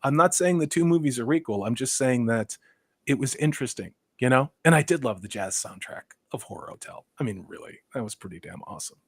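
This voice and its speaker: A man's voice: mid-range voice, lively intonation, a little fast, husky. A man hosting a casual livestream, reading out chat comments and riffing on them with rambling, sarcastic asides.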